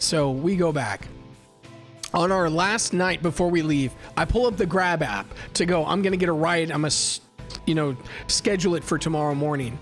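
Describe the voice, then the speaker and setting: High-voiced man telling rambling stories. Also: fairly bright tone. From United States. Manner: rambling storytelling, lots of swearing and restarts. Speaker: livestream host. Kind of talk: casual chat.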